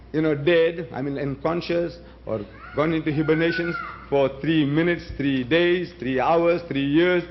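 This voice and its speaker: Man, Gujarati speaker, fairly high voice, rhetorical debate speaker on a dull lo-fi recording. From South Africa. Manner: emphatic, rhetorical, challenges the audience with questions. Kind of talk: public debate address.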